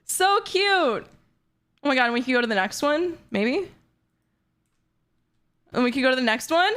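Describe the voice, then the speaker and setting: A woman in her twenties chats on a livestream with a high, bright voice. She reads fan messages aloud in a bubbly way and keeps breaking into giggles. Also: lively intonation, normal speed. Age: 20s. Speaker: streamer.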